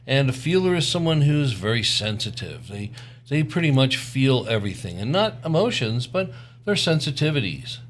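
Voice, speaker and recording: A man's voice: medium pitch, big pitch swings, normal speed. A man in his sixties co-hosting a podcast, chatting casually and joking with his wife. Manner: easygoing, joking. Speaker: podcast co-host. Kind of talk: casual chat with spouse.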